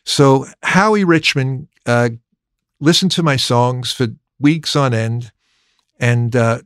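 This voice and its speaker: A man's voice: medium pitch, slow pace, smooth, no echo. Man telling a story, dry close sound. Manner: lively, acts out remembered dialogue; frequent restarts and repeated words. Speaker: record producer guest. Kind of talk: storytelling anecdote in conversation.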